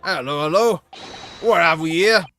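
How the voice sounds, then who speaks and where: A man voicing a brisk, nosy male police constable who talks in an officious, questioning way. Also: fairly high pitch, a bit bright, faint music behind, voice pushed up.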